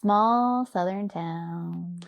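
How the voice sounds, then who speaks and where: A young adult woman from Louisiana, an interview guest telling her own story in a reflective, soft-spoken way with many fillers. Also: on the low side, drawn-out words, creaky. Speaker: podcast guest. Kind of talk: personal story in a conversational interview.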